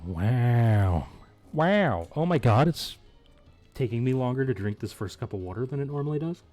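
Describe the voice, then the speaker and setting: A man's voice: mid-range voice, lively intonation, moderate pace, darkish tone, faint music behind. Crude, joking man streaming a game. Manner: crude, joking, laughs often. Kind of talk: casual live-stream chat.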